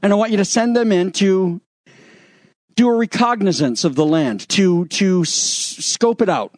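Man, pastor, sermon, high voice, dry close sound, lively quoted asides. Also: unhurried, no room sound. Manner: animated, acts out quotes in raised voice, sarcastic asides.

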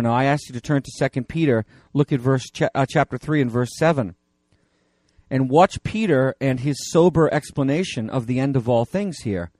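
A man's voice: mid-range voice, normal speed, a little mellow, no echo, studio quality. A middle-aged man preaching a sermon as pastor, in a conversational way with frequent fillers and restarts.

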